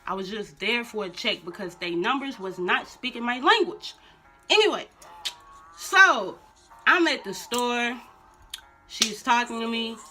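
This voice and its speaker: A young adult woman vlogger telling a storytime in blunt, slangy, animated casual talk. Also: a little high. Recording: music playing under the voice. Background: music.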